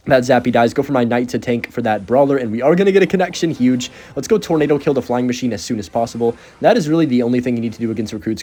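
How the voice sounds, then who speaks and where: A man's voice: mid-range voice, dark tone, slightly rough. A young man giving casual, joking commentary over his own gameplay, sarcastic and chatty as he narrates each move. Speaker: gaming content creator.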